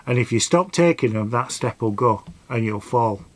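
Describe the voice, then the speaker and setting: Here the middle-aged vlogger sounds animated, his medium-pitched voice moving at normal speed with no echo. He rambles earnestly through a personal story and gives advice in a casual vlog, speaking with dialect grammar.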